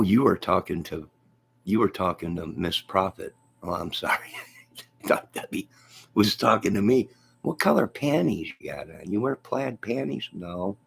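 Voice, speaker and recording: A man's voice: low voice, vocal fry, breathy edge. A man hosting a movie and music channel, chatting casually in a rambling, joking way. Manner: joking, repetitive, laughs often.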